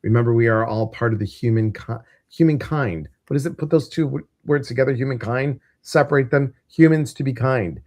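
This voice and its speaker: A man with a Midwestern American accent hosts a casual live stream, chatting along in a rambling way full of fillers. His voice sits at an ordinary middle pitch and sounds close and dry, with no room echo. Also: fairly quick, darkish tone. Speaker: host.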